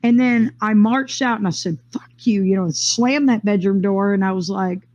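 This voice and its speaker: A woman telling her own story in a casual, rambling way, with quick bursts, fillers and restarts. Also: medium pitch, steady tone, a little mellow, highs cut off. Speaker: interviewee sharing a personal experience. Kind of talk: casual first-person storytelling.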